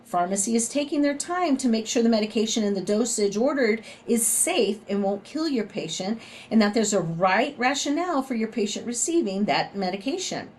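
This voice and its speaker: A woman's voice: a little high, expressive, normal speed, darkish tone. Chatty Southern woman nursing instructor. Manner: conversational, frequent "right?" tag questions. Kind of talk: recorded lecture.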